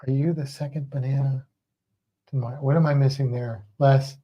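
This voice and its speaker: A man's voice: mid-range voice, steady tone, moderate pace, highs cut off. A man co-hosting a livestream in casual chat. He rambles, hesitates often and laughs a lot. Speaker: livestream co-host.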